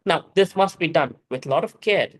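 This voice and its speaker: A man with an Indian English accent giving a scripture class. He speaks emphatically, rises to forceful exhortation, chants Sanskrit verses slowly and carefully, and often says "you know" and restarts his sentences. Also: fairly high pitch, lively intonation, breathy edge, rough recording. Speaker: spiritual teacher.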